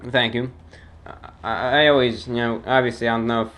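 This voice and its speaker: A man's voice: mid-range voice, steady tone, a bit bright. Formal man with a British-New York accent. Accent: British-New York blend. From New York area. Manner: formal, measured, dry delivery with many "uh"s. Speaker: show host reading fan mail. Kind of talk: radio show talk, reading letters.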